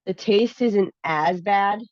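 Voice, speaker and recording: A woman's voice: mid-range voice, slow, darkish tone, no echo, muffled recording. A woman on a casual group video call from home, chatty and rambling with lots of fillers. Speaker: call participant. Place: home with children nearby.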